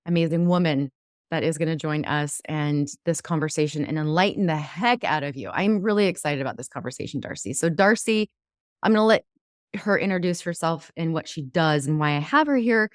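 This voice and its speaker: An effusive woman hosting a podcast interview, her voice set a little low. She talks with heartfelt warmth and gushes over her guest, sounding dry and close on the mic. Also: a little fast, no room sound. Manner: effusive, repeats "amazing", gets choked up. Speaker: podcast host, divorce coach.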